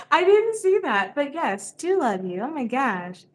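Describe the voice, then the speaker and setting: A woman's voice: high-pitched, big pitch swings, takes it slowly. A young woman hosting a casual livestream, chatting with a guest, reading viewer questions and laughing often. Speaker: livestream host.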